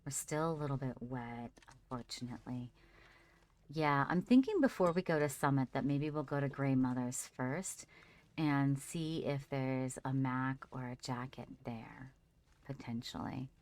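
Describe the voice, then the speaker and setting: Her bass voice is a little slow and a little mellow as this woman streams survival gameplay. She casually talks with her audience and speaks fondly to her character along the way.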